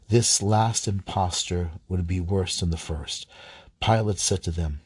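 A man reading scripture aloud, halting at times, stumbling and rereading lines. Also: deep voice, a little mellow, slightly rough, dry recording. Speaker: scripture reader.

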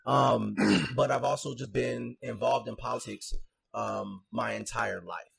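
A man from North Minneapolis, a guest on a podcast, talking in a relaxed and talkative way. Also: medium pitch, measured pace, creaky, slightly rough. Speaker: guest, attorney. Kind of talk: casual podcast interview.

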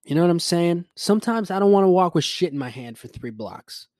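A man's voice: high-pitched, animated, fairly quick, darkish tone, no room sound, clean studio sound. A man hosting his own show, rambling in a casual solo rant, swearing freely and mocking his own grumpiness. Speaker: podcast host.

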